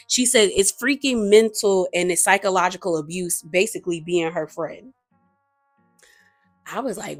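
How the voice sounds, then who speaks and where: A woman recapping a reality TV episode in a relaxed, gossipy way, with a fairly low voice. She jumps between narration and quick impressions of what the cast said, adding blunt opinions. The sound is dry and close, with faint music underneath. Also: dry recording. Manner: chatty, gossipy, quotes cast members with opinionated asides. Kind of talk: casual recap commentary.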